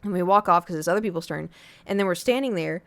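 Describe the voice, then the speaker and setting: A young woman streaming from home and telling a long story to her chat in a casual, animated way. She jumps into a high voice whenever she quotes other people. The sound is close and dry, with no room around it. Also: fast, creaky, dry recording.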